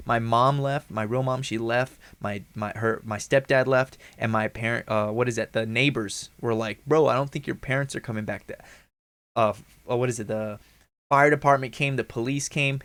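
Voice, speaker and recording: A man in his thirties chats casually on a livestream, rambling along in slang and profanity. His voice sits at an ordinary middle pitch and sounds close and dry, with almost no room around it. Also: fairly bright tone, smooth, no room sound. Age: 30s. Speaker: livestream host.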